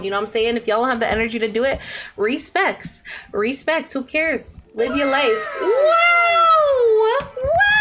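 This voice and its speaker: A bubbly woman streamer with a high, very lively voice that leaps up into squeals and drops into mutters. She chats casually and in slang with her live audience. Faint music plays behind her. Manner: bubbly, slangy, quick swings from squeals to mumbles. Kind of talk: casual live-stream chat reading viewer comments.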